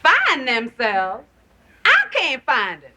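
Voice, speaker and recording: A woman's voice: fairly high pitch, sing-song, moderate pace, heavy background noise. An actress playing a middle-aged working mother who worries over her teenage son and talks in a fretful, confiding way.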